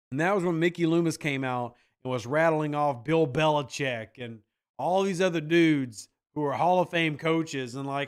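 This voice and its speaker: Brief: animated male podcast host, slightly high voice, sarcastic banter. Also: normal speed, smooth. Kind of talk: casual chat reacting to viewer comments.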